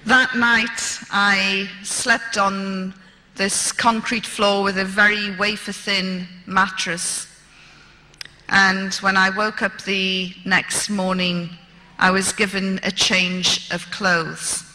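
British woman, fifties, slow and deliberate, very bright tone, storytelling lecture in a long-reverb hall. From Britain. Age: 50s. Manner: animated, acts out dialogue with raised pitch. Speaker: speaker.

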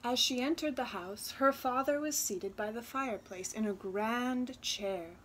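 A woman reading a children's storybook aloud, expressive and unhurried. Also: fairly high pitch, slight background noise. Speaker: children's book reader.

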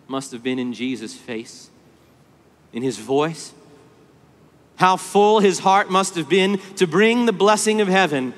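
High-voiced male preacher, impassioned sermon, long hall reverb. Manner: impassioned, rising from hushed tenderness to loud emphasis.

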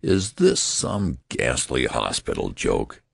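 A man reading the part of a frantic, terrified middle-aged father who pleads hoarsely in desperation. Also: rumbling low, sing-song, slow pace, no room sound, clean studio sound, full character voice.

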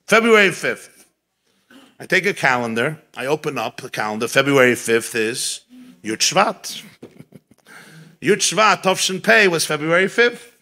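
A man who is a rabbi, telling a story at a gathering in a lively way and repeating key phrases for emphasis. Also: on the high side. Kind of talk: animated storytelling talk at a gathering.

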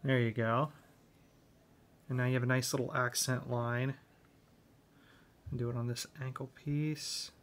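A man's voice: medium pitch, flat delivery, unhurried, pauses often, slight background noise. A man giving a hobby tutorial on model kits, explaining each step in a laid-back way.

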